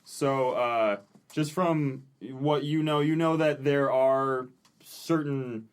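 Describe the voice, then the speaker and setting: A man narrating as game master in a halting way, with frequent fillers. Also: medium pitch, steady tone, smooth.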